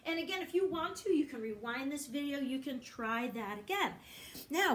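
In a slightly high voice, a woman gives young children an online music lesson. She is patient and encouraging, frequently chanting and singing syllables.

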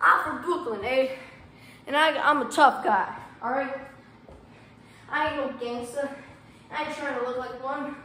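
A woman's voice: high voice, unhurried, long pauses, bright, forceful tone, heavy reverb, distant mic, a little hiss or hum. A woman gaming vlogger playing a fighting game and trash-talking her opponent with playful tough-guy bravado.

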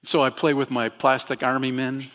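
A man's voice: medium pitch, level tone, normal speed, fairly bright tone. A man as pastor, preaching a conversational sermon to his congregation in a church and asking them questions. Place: church sanctuary.

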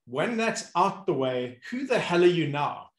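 A man with a fairly high voice tells stories animatedly in a relaxed chat, slipping in and out of the voices of the people he describes. The room echoes noticeably around him. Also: a little slow. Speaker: movement coach and host. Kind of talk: casual conversation. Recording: roomy echo.

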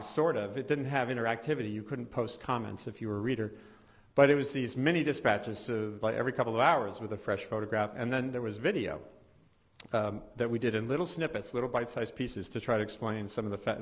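Middle-aged male journalist, mid-range voice, casual symposium speaker, self-correcting, dry humor. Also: medium pitch. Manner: conversational, restarts often, wry asides. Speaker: science journalist. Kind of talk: conference talk. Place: symposium hall.

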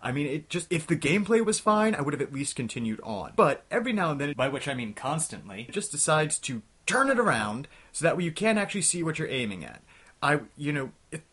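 A young man hosting a comedic game review, ranting in an exasperated, scattershot way and talking himself back to calm. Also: fairly high pitch, fast talker, husky. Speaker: host of a retro game review show.

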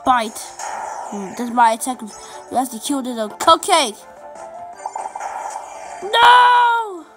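A woman giving excitable let's play commentary over a game, chanting and repeating little phrases as she plays. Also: fairly high pitch, moderate pace, over music. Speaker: gameplay commentator.

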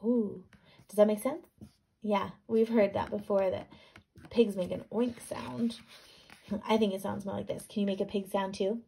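A woman teacher reading a picture book aloud to young students, animated, asking questions and sounding words out. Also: medium pitch, moderate pace, vocal fry, pauses often, a little hiss or hum.

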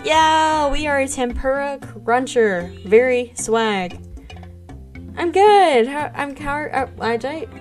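A woman's voice: high voice, animated, takes it slowly, faint music behind. A young woman streaming a game, chatting casually and gushing thanks to her viewers. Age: young adult. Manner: bubbly, gushing thanks to chat. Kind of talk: casual live-stream chat while gaming.

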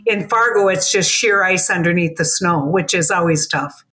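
A woman's voice: lowish voice, normal speed, bright, forceful tone, faint music behind. A woman with a North Dakota accent, a guest chatting easily and laughing often. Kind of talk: casual chat.

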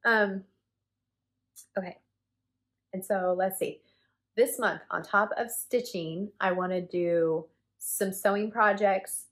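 Chatty rambling woman vlogger. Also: medium pitch. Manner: rambling, chatty, self-deprecating with many fillers. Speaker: cross stitch vlogger. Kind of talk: casual chat to camera.

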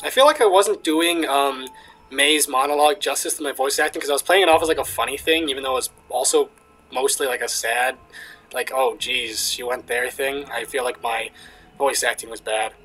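A young man commenting on a game he is playing, excitable, swearing, with lots of fillers. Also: mid-range voice, fairly quick, breathy edge, soft background music, rough recording. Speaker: gamer. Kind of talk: let's play commentary.

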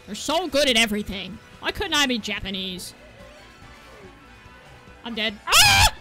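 Young woman, gaming commentary, high voice, very lively pitch, excitable, yelping and swearing. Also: unhurried, over loud music. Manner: excitable, yelps and swears, laughs at herself. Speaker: gaming video creator.

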